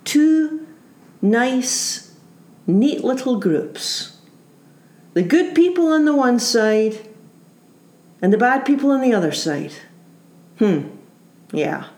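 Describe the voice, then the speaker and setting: A woman's voice: a little high, sing-song, slow, long pauses, darkish tone, voice pushed up, exaggerated voice. Woman voicing an earnest male teacher challenging critics. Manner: earnest, questioning. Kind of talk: sermon. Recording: roomy echo.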